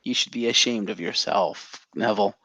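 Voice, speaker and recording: A man's voice: lowish voice, moderate pace, pushed and bright, dry recording. A man co-hosting a casual podcast, recapping in a rambling way with frequent swearing. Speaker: podcast co-host. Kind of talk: casual chat.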